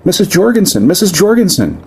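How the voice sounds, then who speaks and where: A frantic young saloon girl squeals in a thin, high voice pushed far above the reader's own, as a man puts her on. The voice is huskily textured and swoops wildly in pitch. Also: sing-song, fairly quick, a little mellow, husky, heavily acted. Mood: panicked.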